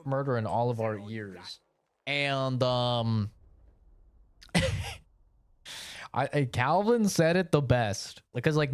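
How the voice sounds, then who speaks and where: Animated, profane male streamer telling a story. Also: mid-range voice. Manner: rambling, profane, animated, lots of fillers. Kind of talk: casual storytelling while gaming.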